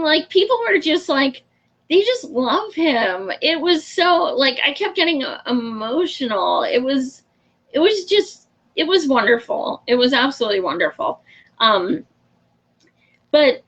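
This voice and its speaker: A woman's voice: high voice, fairly bright tone, low-quality recording. A woman hosting a show and chatting casually with her viewers, frank and talkative, laughing often and swearing freely. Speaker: show host. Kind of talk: casual livestream chat answering viewer comments.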